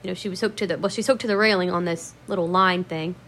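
A woman's voice: on the low side, fairly even intonation, quick pace, a little hiss or hum. Rambling, swearing woman telling dog stories. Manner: rambling, profane, laughs at herself; acts out quoted lines with sudden loud bursts. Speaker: dog owner telling memories. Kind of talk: casual storytelling to camera.

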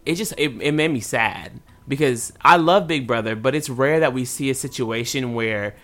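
A man in a relaxed podcast chat, speaking at an ordinary middle pitch. He sounds earnest and personal, laying out his views at length. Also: moderate pace. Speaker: podcast host. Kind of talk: casual chat.

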